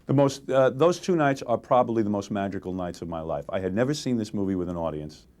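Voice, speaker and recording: A man's voice: on the low side, quick pace. A man in his forties, a radio host being interviewed, telling stories candidly and acting out the lines of people he quotes. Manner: animated storytelling, acts out quotes.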